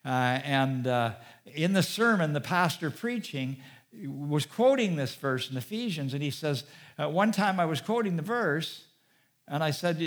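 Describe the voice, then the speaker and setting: A man's voice: a little high, lively intonation. Man preaching, stretching key words. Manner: stresses key words with slowed, drawn-out delivery. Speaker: pastor. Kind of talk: sermon.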